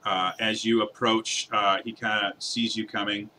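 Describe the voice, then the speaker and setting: Bright-voiced man running a tabletop game. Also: on the low side, flat delivery, moderate pace, a little hiss or hum. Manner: hesitant, many fillers. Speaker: game master.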